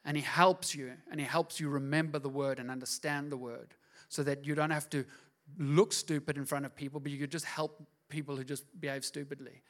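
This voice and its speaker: A man's voice: on the high side, steady tone, a little fast. A pastor preaching a sermon, pressing his listeners with repeated, emphatic questions.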